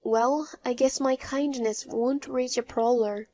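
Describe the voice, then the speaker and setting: Woman narrator for a first-person story; mellow, mocking edge. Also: high-pitched, measured pace, dry recording. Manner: mocking, even-toned. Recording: faint background music.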